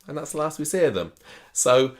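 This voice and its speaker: A man, chatting casually as a podcast host, animated and laughing often. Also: on the high side, a little fast. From southern England. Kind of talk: casual chat recapping a soap opera.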